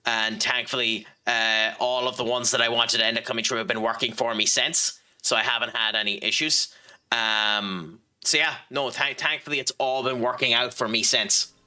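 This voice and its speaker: Very bright-voiced Irish man streaming. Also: medium pitch, steady tone, moderate pace, clean tone. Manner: rambling, lots of ums and restarts. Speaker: game streamer. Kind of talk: casual gameplay commentary and chat reading.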